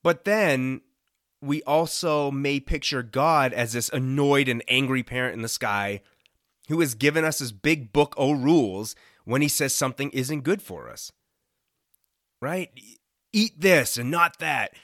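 A man's voice: medium pitch, a little slow, fairly bright tone, dry recording, clean studio sound. A young adult man hosting a casual devotional talk, earnest and lightly joking, often checking in with his listeners. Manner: conversational, often asks "right?". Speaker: podcast host.

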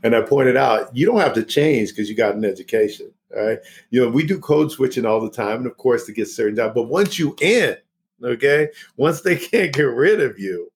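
Middle-aged male host, mid-pitched, emphatic, conversational. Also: lively intonation, moderate pace. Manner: emphatic, checks in with "right?". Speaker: podcast host, sociologist. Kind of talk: casual conversation.

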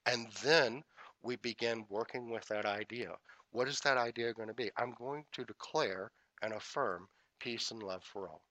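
A man teaching a spiritual talk, repeating affirmations in a measured rhythm, with folksy humorous asides. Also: mid-range voice, bright, forceful tone, no room sound. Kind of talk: inspirational talk.

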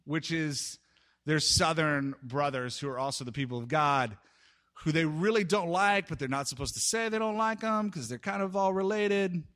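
A man delivers a storytelling sermon in a high, very bright voice. He swings from near-shouted lines to hushed, drawn-out pauses. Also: expressive. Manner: dramatic, swings between loud outbursts and hushed pauses. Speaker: preacher.

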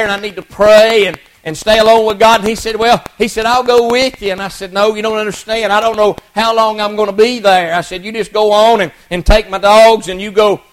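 Man, middle-aged, preacher; high-pitched, folksy storytelling sermon. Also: a bit bright, poor audio. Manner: folksy, earnest, many restarts and repeated words.

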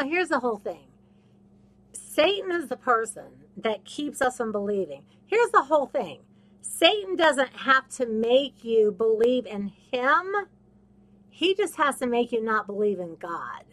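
A woman hosting a faith podcast preaches casually and directly to her listeners, her slightly high voice bright and forceful. She hammers points home through repetition and often takes on the voices of the people she describes, speaking in an animated way at a measured pace.

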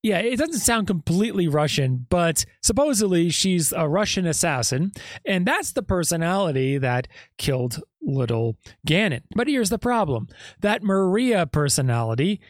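Man, podcast host, true-crime commentary, skeptical, very lively pitch. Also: normal speed, no room sound, studio quality. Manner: animated, skeptical, rhetorical questions.

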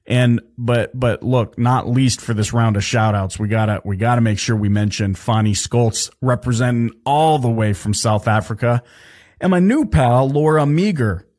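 A man hosting his own podcast, talking in an energetic, chatty way with lots of fillers and restarts. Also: mid-range voice, moderate pace. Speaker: podcast host. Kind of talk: casual solo podcast talk.

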